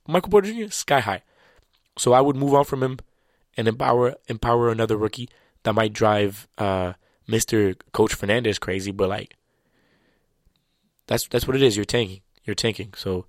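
A man whose first language is French talks basketball in a loose, chatty way, full of slang and restarts. His voice sits fairly low. The sound is dry and close, with no room echo. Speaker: basketball commentator. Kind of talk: casual sports talk.

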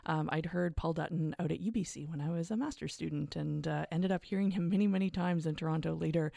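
A middle-aged woman hosting a radio show, talking in a relaxed, conversational way with frequent hesitations. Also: deep voice, quick pace, vocal fry, no room sound, studio quality. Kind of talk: casual radio presenting.

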